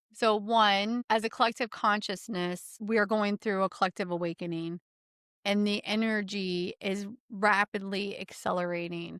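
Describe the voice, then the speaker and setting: A woman giving a relaxed spiritual reading as an energy healer, rambling with many fillers and easy laughs. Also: mid-range voice, clear, resonant tone, no room sound, clean studio sound.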